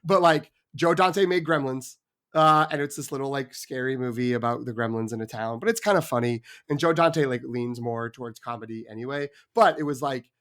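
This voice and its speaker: A man's voice: medium pitch, a little fast, fairly bright tone. A man hosting a casual podcast chat. He tells stories at length. He often stammers and restarts his sentences. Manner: rambling storyteller with stammered restarts. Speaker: podcast host.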